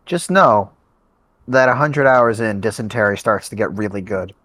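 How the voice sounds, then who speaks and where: A man's voice: lowish voice, moderate pace, fairly bright tone, no room sound. A man on a casual group podcast, cracking puns and jokes as he votes. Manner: jokey, punning. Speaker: podcast panelist.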